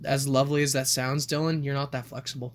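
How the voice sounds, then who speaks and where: A man's voice: mid-range voice, little pitch movement, quick pace. A young man co-hosting a podcast, teasing his friend with profane banter in casual chat. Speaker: podcast co-host.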